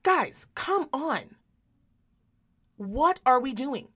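A woman's voice: high-pitched, sing-song, extremely slow, pushed and bright. A woman who works in medicine talks in a heated, emphatic way on a podcast, swearing often. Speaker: podcast host; medical worker. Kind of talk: impassioned casual talk.

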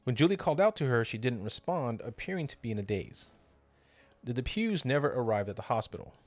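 Podcast guy narrating true crime, swings his pitch a lot, swears casually. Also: sing-song, fairly quick. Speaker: podcast host.

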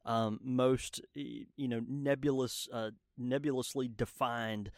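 A man's voice: medium pitch, fairly even intonation, slow, darkish tone, no echo, studio quality. A man co-hosting a podcast in casual chat. He is enthusiastic and full of fillers and restarts. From Southern United States. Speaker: podcast co-host.

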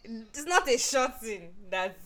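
A woman's voice: on the high side, big pitch swings, takes it slowly, fairly bright tone. A woman co-hosting a podcast who chats casually and defends herself playfully with laughter. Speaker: podcast co-host.

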